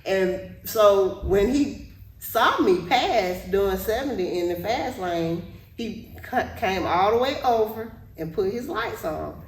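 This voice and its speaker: A woman podcast co-host telling a story in casual chat, animated and laughing often. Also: medium pitch, slow pace, distant mic. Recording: echoey room, off-mic, faint noise.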